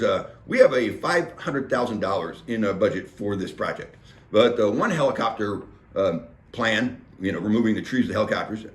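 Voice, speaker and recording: A man's voice: on the low side, fairly bright tone. A man casually recapping a meeting, full of fillers and acting out what people said. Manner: chatty, filler-heavy, acts out quotes. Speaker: local government meeting recapper. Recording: roomy echo.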